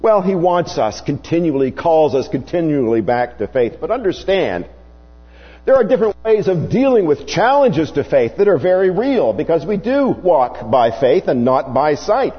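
A man preaching a sermon, slow and emphatic, his voice rising and falling widely as he stresses points. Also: big pitch swings, husky. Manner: slow, emphatic preaching with wide swings in pitch. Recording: dull, hummy recording with long reverb.

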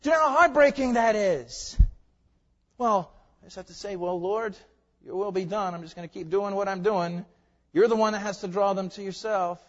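A man preaching a sermon as a pastor, swinging between loud emphatic lines and soft hushed ones. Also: high voice, moderate pace, long reverb tail, muffled recording.

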